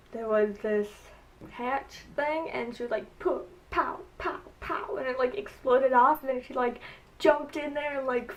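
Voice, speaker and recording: A woman's voice: fairly high pitch, a little mellow, far from the mic, low-quality recording. A young woman chatting casually in a review vlog, gushing and filling her talk with "like" and "oh my gosh". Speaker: vlogger reviewing a TV show. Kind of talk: casual chat.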